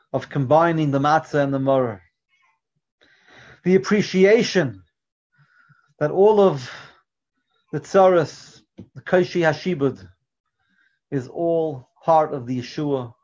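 Earnest man giving a Torah lecture. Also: a little high. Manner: earnest, often drops to a quiet, soft delivery. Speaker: Torah teacher. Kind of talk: religious lecture with storytelling. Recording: dull lo-fi recording.

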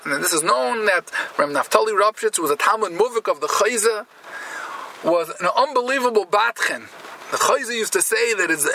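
A man telling a Hasidic story in with speech, animated, repeating and restarting phrases and slowing down for emphasis. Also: high voice, gravelly, slight background noise, poor audio.

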